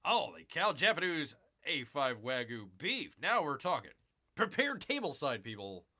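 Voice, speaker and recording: A man's voice: fairly high pitch, sing-song, unhurried, sharp tone. A man hosting a casual live stream, rambling chattily to his viewers and calling himself Bear. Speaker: livestream host.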